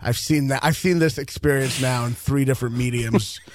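A man's voice: medium pitch, normal speed, darkish tone, dry recording, clean studio sound. A young man from Louisville, a comedian guest, chatting casually in a radio interview and rambling through stories with fillers and laughs. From Louisville, Kentucky.

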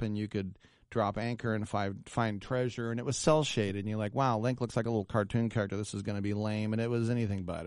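A man hosting a radio talk show, telling an animated, self-deprecating story in casual chat. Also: on the low side, dry recording, clean studio sound.

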